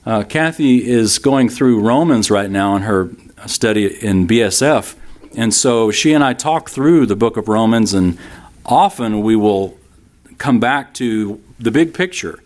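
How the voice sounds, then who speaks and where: A man in his fifties preaching a sermon in a relaxed, conversational way, mixing humorous stories with scripture. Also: on the low side, unhurried. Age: 50s. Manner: conversational, humorous storytelling with laughs from the congregation. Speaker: pastor.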